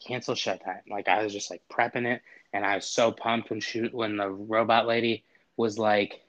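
A man's voice: fairly low pitch, little pitch movement, moderate pace, fairly bright tone. A man casually telling a story, acting out both sides of a frustrating phone call with exasperated humor. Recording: dull lo-fi audio.

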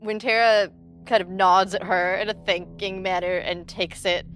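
A woman's voice: medium pitch, steady tone, moderate pace, fairly bright tone, clean tone. A woman playing a tabletop game who describes her character in a casual way. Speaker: player. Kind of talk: tabletop role-play.

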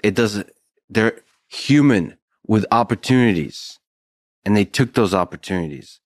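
A man interviewing a guest, pushing back in a measured, deliberate way. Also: lowish voice, animated, no echo. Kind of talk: interview pushback.

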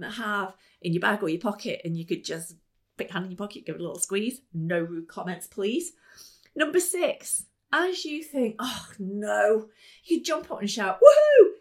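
Upbeat woman giving a talk. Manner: upbeat, laughs often, bursts into high excited exclamations. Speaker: speaker. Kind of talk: motivational talk to a live audience. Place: business meeting room.

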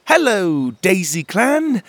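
A man's voice: mid-range voice, wildly swooping pitch, normal speed, slightly rough, full character voice. A man voicing a cheerful young male fairy hero who speaks in a friendly, coaxing way.

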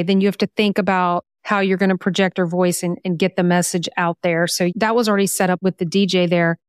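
A woman hosting an interview podcast, talking thoughtfully and slowing down to stress her key points. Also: mid-range voice, clean tone, no room sound, studio quality. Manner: warm praise, thoughtful, slows down to stress points. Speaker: podcast host. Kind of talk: casual interview conversation.

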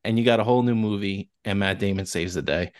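A man's voice: on the low side, quick pace, dry recording, clean studio sound. A man co-hosting a casual movie podcast, playful and giggly. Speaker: podcast co-host. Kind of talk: casual chat.

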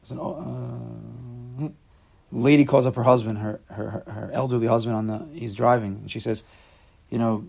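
A man leading an informal Torah class, animated and acting out quotes with sudden loud jumps in his voice. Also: mid-range voice, normal speed, vocal fry, breathy edge.

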